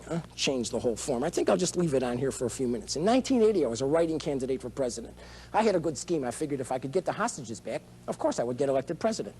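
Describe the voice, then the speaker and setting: A man's voice: mid-range voice, dark tone, a little hiss or hum. A man running for president who talks in a rambling, digressive way, jumping between schemes and showman bits. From United States. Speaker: presidential candidate. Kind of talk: rambling campaign speech.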